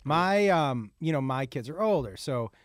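A middle-aged male podcast host with a slightly high, lively voice that swings widely in pitch. He chats and laughs easily, recorded dry and close. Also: a little slow, no room sound. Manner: animated, chatty, laughs easily. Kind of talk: casual podcast interview.

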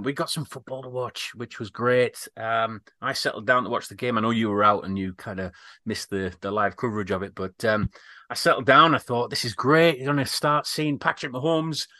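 A man from England co-hosting a podcast, telling stories in a relaxed, lively way and laughing along. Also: medium pitch, no echo, studio quality. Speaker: podcast co-host. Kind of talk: casual chat.

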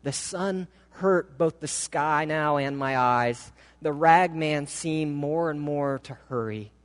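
A man preaching in a church, telling a story slowly and with feeling. His voice sits fairly high for a man, and each phrase is drawn out with deliberate pauses. A long hall reverb hangs on every word. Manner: dramatic, slow, emotive reading. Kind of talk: sermon storytelling. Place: church sanctuary.

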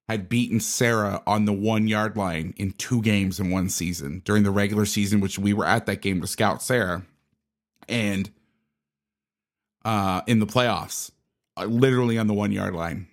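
A man who coaches football, telling a casual story and acting out the conversations in it. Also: lowish voice.

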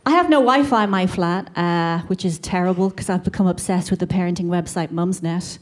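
A woman's voice: lowish voice, fairly quick. A woman performing a stand-up routine on a comedy club stage, sardonic, with her bits building into mock rants. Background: audience laughter.

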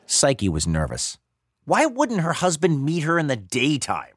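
A man hosting and narrating a story in an expressive, playful manner. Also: a little high, unhurried, no room sound, clean studio sound. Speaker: host and narrator.

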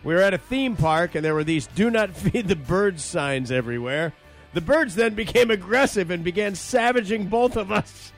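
A man's voice: sits high, normal speed, music in the background. A man hosting a talk show, reading out funny stories and joking around in casual banter. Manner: joking, animated storytelling. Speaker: radio show host reading listener stories.

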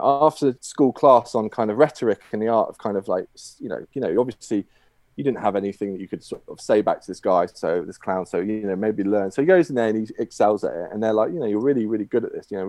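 A man's voice: fairly low pitch, a little mellow, dry recording. A man spins out a long joke with loose, rambling delivery, stumbling over restarts and fillers. The recording sounds dry and close, with little room in it. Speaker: guest. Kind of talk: casual joke telling.

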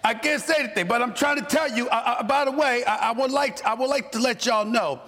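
Loud excitable sports host, husky. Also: male voice, a little fast, big-room sound, faint music behind. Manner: loud, repetitive, swings from low mutter to shouting. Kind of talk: animated comedic storytelling.

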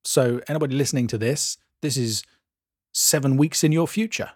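Husky-voiced Englishman explaining slowly. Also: medium pitch, no echo. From England. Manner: dry, self-deprecating, explains slowly and deliberately. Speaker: co-host, mastering engineer. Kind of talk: casual podcast chat.

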